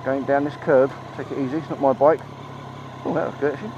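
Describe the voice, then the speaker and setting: A man giving a chatty, excitable ride-along review of a motorbike, swearing freely, talking into a helmet mic outdoors. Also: medium pitch, quick pace. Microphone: helmet-mounted mic. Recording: muffled, engine and road noise.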